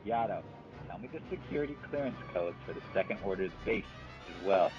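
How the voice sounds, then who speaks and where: A man's voice: sits low, lively intonation, brisk, lo-fi sound, loud music behind the voice. A man voicing a ruthless young man with mystic powers who gives cold, mocking commands. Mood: commanding.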